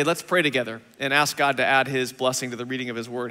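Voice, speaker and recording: A man who is a lead pastor, preaching a sermon in a church in an energetic, conversational way. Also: medium pitch, fast, hardly any pauses, big-room sound. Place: church sanctuary.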